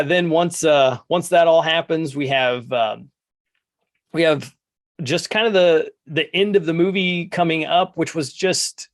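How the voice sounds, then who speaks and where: A man co-hosting a podcast, casually recapping a movie and jumping higher when he quotes the characters. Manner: animated storytelling, jumps higher to quote characters. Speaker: podcast co-host.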